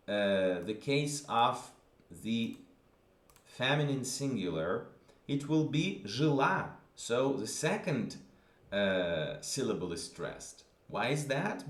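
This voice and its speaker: Male teacher, patient grammar lesson, frequent check-ins, lively intonation, echoey room. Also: mid-range voice, slow pace. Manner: patient, repeats examples with frequent "okay?" checks. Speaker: language teacher.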